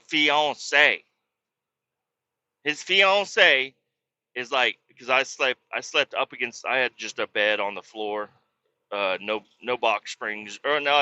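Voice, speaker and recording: A man hosting a podcast, telling profane, animated comedic stories about family and old roommates. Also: mid-range voice. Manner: profane, animated, mocking retellings. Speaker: podcast host. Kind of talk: comedic storytelling. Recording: dull lo-fi, dry.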